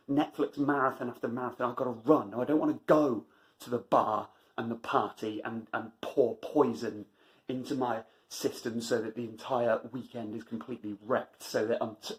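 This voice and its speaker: A man's voice: mid-range voice, low-quality recording. A man delivering an emphatic motivational monologue as a running vlogger, driving points home by repeating phrases.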